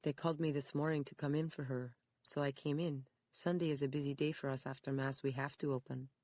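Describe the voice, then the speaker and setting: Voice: mid-range voice, fairly even intonation, fairly quick, a little mellow, no echo, lightly acted. A narrator voicing a hesitant, guarded young woman who answers in short replies, close to the narrator's own voice. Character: hesitant young pregnant mission worker, guarded. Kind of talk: audiobook character reading.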